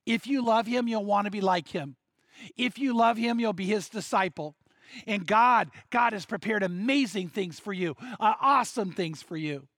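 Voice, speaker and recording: Emphatic older preacher, high-voiced man. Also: normal speed, a bit bright, no room sound. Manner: emphatic, repetitive storytelling. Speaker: pastor. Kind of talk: sermon.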